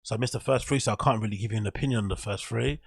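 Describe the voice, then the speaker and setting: A man's voice: fairly low pitch, rapid-fire, vocal fry, husky, dry recording. A young man with an English accent, hosting a casual solo show and ranting with frustration and frequent swearing. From England. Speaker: show host.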